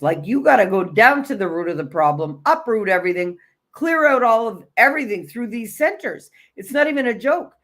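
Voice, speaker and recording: A woman's voice: a little high, fairly bright tone. Emphatic, blunt woman coaching on energy. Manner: emphatic, repetitive, blunt, swears casually; conversational, with frequent restarts and fillers. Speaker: energy and self-love coach. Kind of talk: motivational spiritual talk.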